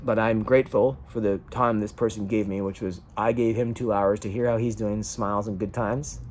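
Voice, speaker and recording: A man's voice: on the low side, steady tone, moderate pace, a little mellow, a little hiss or hum. A man venting raw emotion in a rambling personal vlog monologue. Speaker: vlogger.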